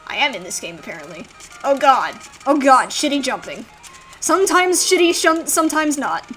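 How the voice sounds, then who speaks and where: A young woman with a somewhat high voice hosts a casual let's play. She chats in a laid-back, mildly self-deprecating way, with game music faintly underneath. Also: sing-song, normal speed, a bit bright.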